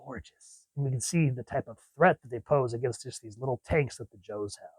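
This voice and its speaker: A man's voice: mid-range voice, brisk, husky, dry recording, poor audio. A man reviewing comic books in a casual, rambling and enthusiastic way. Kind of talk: casual chat.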